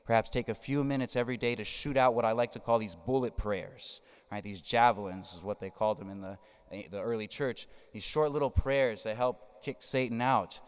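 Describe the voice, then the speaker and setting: A man's voice: medium pitch, fairly even intonation, brisk, smooth. A man preaching as a Catholic priest, emphatic, tagging his points with "right?". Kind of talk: sermon. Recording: long hall reverb.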